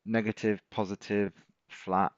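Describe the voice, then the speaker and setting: A man's voice: on the low side, little pitch movement, a little slow, no echo, lo-fi sound. A middle-aged man, hosting a live stream as a trading coach, chatting casually and encouraging viewers as he reads out their comments.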